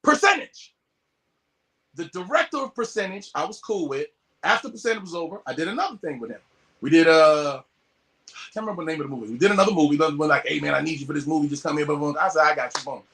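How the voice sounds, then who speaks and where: A man from the West Coast telling stories as a podcast guest, animated and swearing, acting out the voices he quotes. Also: fairly high pitch, quick pace. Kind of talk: casual storytelling.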